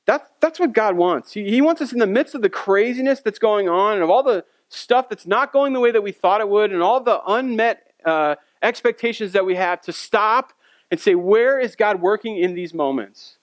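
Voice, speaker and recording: A pastor delivering a sermon in a loose, storytelling way, chatting with the congregation as he goes. His voice sits high for a man and sounds dry and close, with almost no room around it. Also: expressive, normal speed, dry recording. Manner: storytelling, conversational with audience asides.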